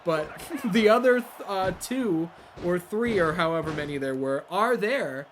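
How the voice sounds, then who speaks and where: A man's voice: sits high, measured pace, slight background noise. A man commentating his own wrestling video game playthrough, swearing and ranting as he plays. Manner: profane, ranting, excitable. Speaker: let's play host. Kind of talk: gameplay commentary.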